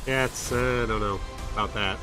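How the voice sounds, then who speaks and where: A man's voice: on the low side, fairly even intonation, moderate pace, over music. A man hosting a podcast livestream pre-show, chatting casually, rambling and joking with frequent laughs. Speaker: podcast host.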